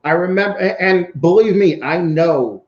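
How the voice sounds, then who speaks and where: A man's voice: sits high, animated, normal speed, dull audio. Profane New York man, echoey line. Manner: profane, rambling storyteller. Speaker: podcast guest. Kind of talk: casual podcast chat.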